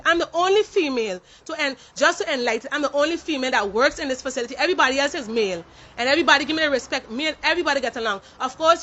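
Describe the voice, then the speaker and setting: Fiery, fast-talking woman protesting. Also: high voice, bright, forceful tone, lo-fi sound. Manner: indignant, emphatic, mixing French into her English. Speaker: warehouse employee. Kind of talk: impassioned protest speech to camera.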